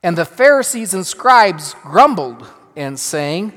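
A pastor preaches in a fairly high-pitched voice, leaning into some phrases and dropping others to a near hush. His voice carries with the long reverberation of a large church hall. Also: very animated, slow pace, hardly any pauses. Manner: emphatic, dramatic shifts in loudness. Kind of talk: sermon.

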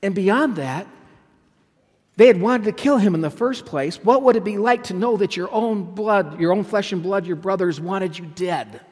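A man's voice: high voice, normal speed, a little mellow, slightly rough. A male pastor preaching a sermon, emphatic, repeating phrases and putting questions to his listeners. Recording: long hall reverb.

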